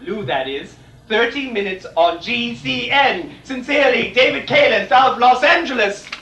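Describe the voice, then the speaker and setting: A man's voice: very high voice, expressive, normal speed, noisy background. A man performing a grand, catty drag lady persona, hosting live comedy before a theatre audience in a campy, mock-refined manner. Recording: fuzzy 1980s VHS air check, roomy and distant.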